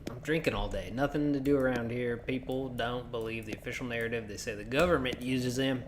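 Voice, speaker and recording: A man's voice: medium pitch, fairly even intonation, fairly quick, noisy background, close to an everyday voice. A man voicing a surly rural man who is hostile to police, using a put-on country accent and a curt, drawling manner.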